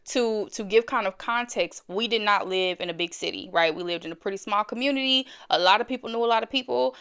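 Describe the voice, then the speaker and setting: Smooth-voiced woman telling a personal story. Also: medium pitch, a bit bright. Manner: chatty, speaks straight to the viewers and repeats phrases for emphasis. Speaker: storyteller host.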